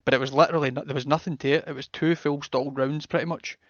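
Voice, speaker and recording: A man in relaxed conversation, laying out his reasoning in an easy manner. His voice sounds muffled and lo-fi, with no room echo at all. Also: on the high side, fast talker. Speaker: podcast co-host. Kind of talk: casual chat.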